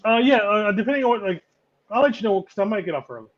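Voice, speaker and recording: A man co-hosting a casual fan podcast, rambling in a relaxed way and laughing easily. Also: high-pitched, fast, muffled recording. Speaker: podcast co-host.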